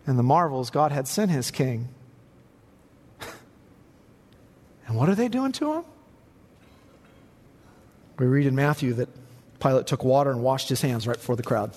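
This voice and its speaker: A man's voice: a little high, big pitch swings, normal speed, long pauses. Preaching man in a reverberant church. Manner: preaching with rising emphatic peaks. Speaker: pastor. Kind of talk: sermon. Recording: long reverb in a large hall.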